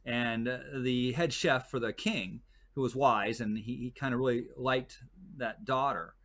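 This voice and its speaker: A man's voice: mid-range voice, a little slow, fairly bright tone. A man chatting as a guest who works as a desert tour guide, telling stories in a rambling way with many fillers and restarts. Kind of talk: casual chat.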